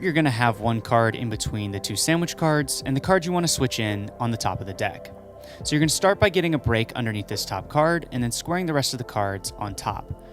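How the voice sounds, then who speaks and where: A man explaining a card move step by step, calmly, as the host of a magic tutorial. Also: mid-range voice. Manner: joking storyteller, acts out dialogue; calm step-by-step instruction. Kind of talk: stand-up comedy bit, then tutorial instruction.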